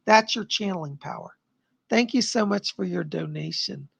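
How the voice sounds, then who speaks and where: Gravelly chatty man doing live psychic readings. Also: sits high, normal speed, no room sound. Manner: chatty, animated, gushing. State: tiring voice. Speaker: psychic medium host. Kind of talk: live-stream readings for viewers.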